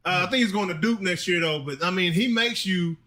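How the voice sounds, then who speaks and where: A man in his forties co-hosting a casual sports talk show, animated and repeating himself as he talks. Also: high-pitched, a little fast. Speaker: podcast co-host.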